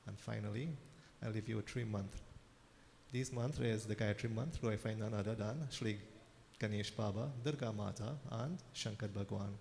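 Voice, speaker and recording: A man, a pandit giving a measured, formal address at a temple service. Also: lowish voice, fairly even intonation, creaky, a little mellow. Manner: measured, orderly, counts points in threes. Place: temple hall. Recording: reverberant temple hall, faint noise.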